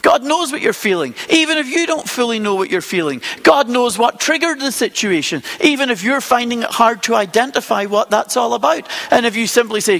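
A male preacher talks through his sermon conversationally, throwing out question after question. His voice sits high and moves in lively leaps, and a long reverb trails after it. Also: moderate pace, vocal fry. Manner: conversational, asks many rhetorical questions.

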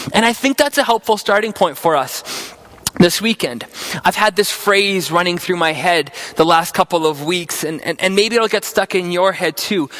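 High-voiced man preaching earnestly. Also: fairly bright tone, low-quality recording. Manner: earnest preaching with repeated restarts. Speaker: pastor. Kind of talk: sermon.

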